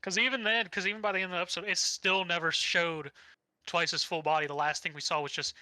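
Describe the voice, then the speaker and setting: Bright-voiced young guy rambling anime recap. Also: sits high, steady tone, fast talker, no room sound, poor audio. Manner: rambling, swears casually, acts out quotes. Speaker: podcast co-host. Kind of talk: casual anime recap chat.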